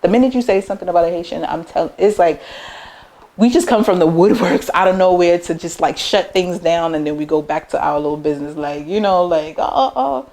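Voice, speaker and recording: A young American woman, a business owner, chatting casually in an interview and telling lively personal stories, acting out the voices of people she quotes. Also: a little fast. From United States. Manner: animated, acts out quoted voices with big pitch jumps.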